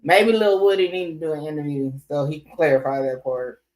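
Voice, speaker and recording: A woman's voice: sits low, a little fast, a little mellow, low-quality recording. A woman co-hosting a livestream, giving blunt, profane casual commentary full of fillers.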